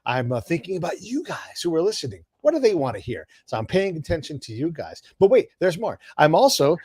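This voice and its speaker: Energetic podcast host man. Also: a little high, breathy edge, no echo, clean studio sound. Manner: energetic, talks in rapid asides with restarts. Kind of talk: casual conversation.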